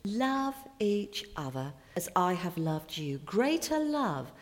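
A woman's voice: on the low side, big pitch swings, takes it slowly. A woman preaching a sermon with emphatic, sharply rising and falling delivery. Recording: long hall reverb.

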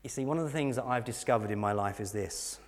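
A middle-aged English man preaching a sermon, telling a personal story earnestly and dropping to soft, intense moments. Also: medium pitch, fast talker. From England. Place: church hall. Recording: long hall reverb.

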